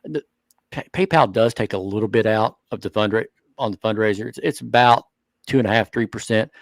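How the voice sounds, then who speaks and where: A man co-hosting a hobby talk show, speaking earnestly and thinking out loud in casual chat. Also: fairly low pitch, brisk, dry recording. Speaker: show co-host.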